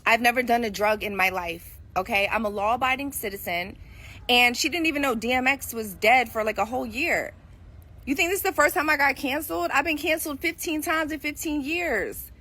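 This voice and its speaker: A woman's voice: high-pitched, fairly quick, pushed and bright. A woman from Philadelphia in her forties, ranting bluntly and defiantly to the camera with lots of swearing. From Philadelphia, USA. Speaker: guest speaking in a played clip. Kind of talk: heated direct-to-camera rant.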